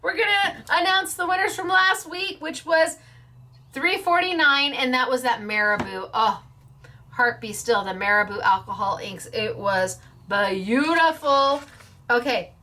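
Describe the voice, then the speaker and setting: A woman's voice: sits high, unhurried, pushed and bright, a little hiss or hum. Bubbly, playful woman hosting a craft show. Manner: bubbly, playful, stumbles over names with laughs. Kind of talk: casual chat announcing giveaway winners.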